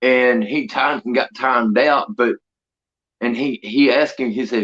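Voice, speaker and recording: A man's voice: medium pitch, measured pace, a bit bright, breathy edge. A man chatting casually on a livestream, laughing often as he tells rambling stories. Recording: dull lo-fi stream audio.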